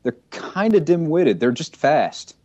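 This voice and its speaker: Brief: a man with an animated voice, quick wisecracks and doubt in casual conversation. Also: on the high side, dull audio. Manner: joking, skeptical interjections. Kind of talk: casual chat.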